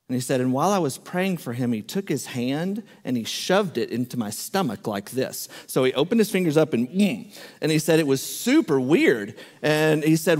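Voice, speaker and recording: Man, sermon storytelling, acts out the quotes, church hall reverb. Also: medium pitch. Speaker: preacher.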